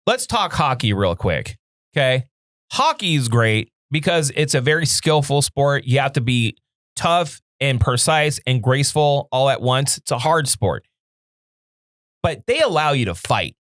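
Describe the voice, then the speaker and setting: A man's voice: mid-range voice, very animated, measured pace, fairly bright tone, no room sound, clean studio sound. A young man from California with a Californian accent, co-hosting a podcast in casual chat, rambling and swearing as he tells stories. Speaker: podcast co-host.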